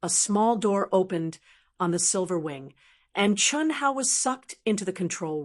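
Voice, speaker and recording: A woman's voice: mid-range voice, lively intonation, unhurried. Woman narrating a fantasy audiobook. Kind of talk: scripted narration.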